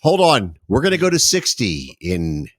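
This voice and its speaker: A man's voice: on the low side, wildly swooping pitch, normal speed. A man, a podcast co-host, chiming in with dry wisecracks during a casual chat.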